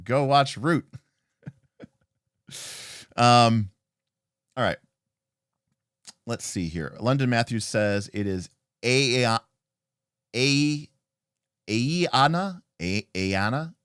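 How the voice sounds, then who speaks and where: A man's voice: mid-range voice, animated, unhurried, long pauses, fairly bright tone, smooth, no echo, studio quality. A man hosting a livestream, casually looking over a tabletop game book and answering chat, thinking aloud with frequent fillers and restarts. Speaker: livestream host reviewing tabletop role-playing game books.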